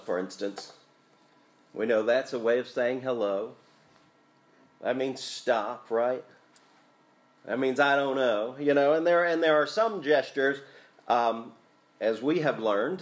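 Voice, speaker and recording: Male pastor, sermon, conversational and thoughtful, medium pitch.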